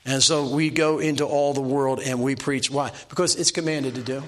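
A man's voice: mid-range voice, steady tone, moderate pace, fairly bright tone. An older man preaching a sermon from the pulpit in a folksy, self-deprecating way, repeating his exhortations. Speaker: pastor.

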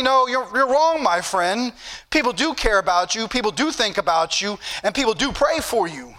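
High bright-voiced preacher man. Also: animated, normal speed. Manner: preachy, repetitive emphasis. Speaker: pastor. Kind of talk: sermon.

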